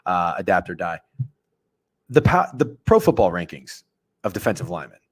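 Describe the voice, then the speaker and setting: A man in his thirties hosting a sports betting stream, talking casually and excitably with lots of profanity while reacting to his chat. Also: low voice, normal speed, husky, no room sound. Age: 30s.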